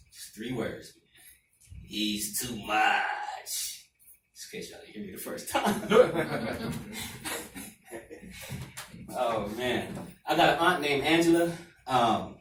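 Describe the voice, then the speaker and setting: Stand-up comic, mid-pitched man, rambling storyteller, club mic far and roomy. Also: fairly bright tone. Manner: loose, rambling storytelling with asides. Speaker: stand-up comedian. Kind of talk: stand-up set. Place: comedy club stage. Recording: echoey club from far off, faint noise.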